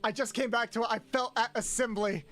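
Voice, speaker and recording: A streamer chatting casually with chat during gameplay, given to loud, swearing outbursts. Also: mid-range voice, fairly even intonation, fairly quick, soft background music.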